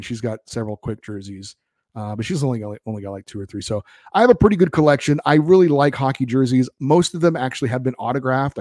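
A man's voice: mid-range voice, no room sound, studio quality. Chatty man hosting a hockey podcast. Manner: relaxed, rambling, with frequent ums and restarts. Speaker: podcast host. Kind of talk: reading listener emails and chatting.

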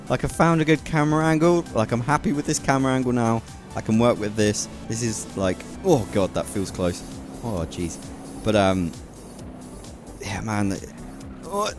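A young man commentating his driving game, muttering to himself and then yelling and shrieking loudly at near misses. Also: medium pitch, sing-song, moderate pace, faint music behind. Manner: swings from quiet muttering to shrieking yells. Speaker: gaming YouTuber. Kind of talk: excitable gameplay commentary.

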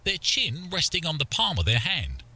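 A man's voice: on the high side, wildly swooping pitch, normal speed, sharp tone, slightly rough. A man with a British accent, reading scripted narration for a game in a dry storybook delivery.

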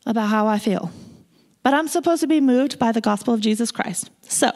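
A woman preaching a sermon in a church, moving between loud proclamation and hushed asides. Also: a little high, normal speed. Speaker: guest preacher. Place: church sanctuary.

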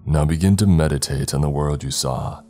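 A grave old priest with a very deep voice, measured and solemn, speaking in old-fashioned phrasing, as a man narrating a horror story puts him on. Faint music plays behind him. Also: mellow. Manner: slow, solemn, archaic speech. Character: old male mystic priest, calm and grave.

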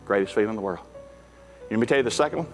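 A man's voice: fairly low pitch, rapid-fire. A man, preaching a sermon as pastor in a folksy, emphatic way. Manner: folksy, emphatic, rising to shouts at climaxes. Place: church sanctuary. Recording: echoey hall with faint music.

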